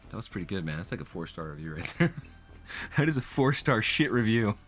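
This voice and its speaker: Man, comedic host, exaggerated reactions, laughing, lively intonation. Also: fairly low pitch, a little fast, soft background music. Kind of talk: comedic commentary reading reviews.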